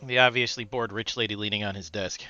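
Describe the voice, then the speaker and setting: Low-voiced man narrating a horror game. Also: steady tone, pushed and bright, smooth. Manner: halting narration with fillers. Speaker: game master. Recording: dull lo-fi recording. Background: background music.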